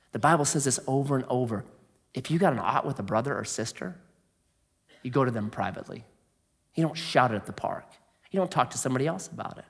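A man preaching a sermon in a conversational way, asking rhetorical questions and swinging from loud emphasis to quiet asides. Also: husky. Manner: swings between booming emphasis and hushed, low asides. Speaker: pastor.

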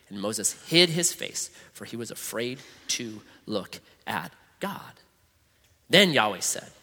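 A man preaching a sermon, reading scripture with animated, conversational, jokey asides. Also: mid-range voice, normal speed, in a large hall. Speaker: pastor.

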